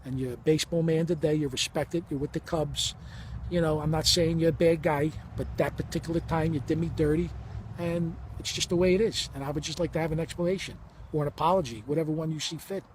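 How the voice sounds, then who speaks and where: A man's voice: a little high, fairly even intonation, fast, darkish tone, a little hiss or hum. A man in his fifties telling a personal story in a heated, blunt and profane way, acting out the dialogue as he goes. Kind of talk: emotional first-person storytelling.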